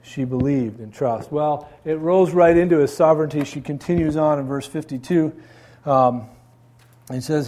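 A male pastor preaching an earnest, conversational sermon, often pausing with fillers. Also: fairly high pitch, mellow.

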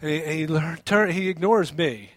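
A man preaching a sermon as pastor, telling a personal story in an animated way with many restarts and fillers. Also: fairly high pitch, moderate pace, no room sound.

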